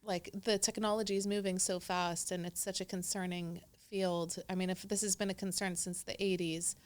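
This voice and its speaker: A woman's voice: on the low side, little pitch movement, normal speed. Woman host asking questions. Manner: inquisitive, interjects short replies. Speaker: interview host. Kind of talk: conversational interviewing.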